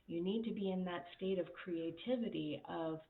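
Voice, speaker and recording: A woman coach talks in a candid, chatty way, laughing at herself and swearing now and then. Her voice sits on the low side for a woman. The sound is narrow and phone-like, with an echoey room around her. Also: normal speed. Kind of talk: casual talk on workplace dynamics.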